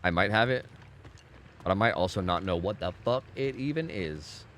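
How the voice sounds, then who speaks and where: Male game streamer, casual and profane, animated pitch, light background noise. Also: moderate pace. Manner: laid-back, swears often, chats with viewers. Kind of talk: casual live gameplay commentary.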